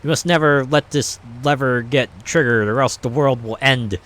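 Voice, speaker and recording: A man's voice: medium pitch, moderate pace, a bit bright, voice pushed up, close to an everyday voice. A man voicing a talking snake who solemnly guards a lever, in an earnest, grand warning tone.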